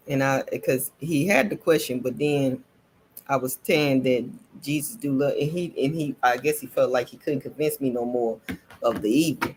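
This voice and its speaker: A woman vlogger telling a personal story in a casual, animated way, repeating herself and laughing between lines. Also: low voice, moderate pace, a little hiss or hum.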